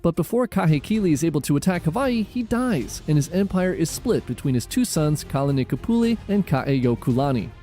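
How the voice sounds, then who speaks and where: A man giving dramatic, measured scripted narration of a history documentary. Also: fairly high pitch, big pitch swings, warm tone. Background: faint music.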